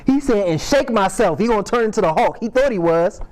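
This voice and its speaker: Slangy, higher-voiced man teaching Bible class. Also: lively intonation, fairly quick, a little mellow. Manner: slangy and conversational, reads scripture aloud and riffs on it. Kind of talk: casual Bible study teaching. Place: Sabbath class meeting room.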